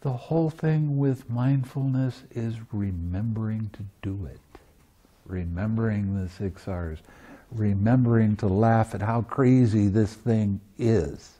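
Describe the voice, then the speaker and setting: A man's voice: lowish voice, unhurried, warm tone. A man giving a dharma talk as meditation teacher at a retreat, teaching playfully and often laughing. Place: meditation center.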